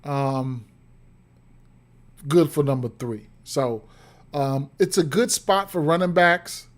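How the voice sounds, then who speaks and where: A man's voice: a little high, slow. A man doing casual livestream betting analysis, rambling with frequent fillers and repeated words, interrupted by hiccups. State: has the hiccups. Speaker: sports betting streamer.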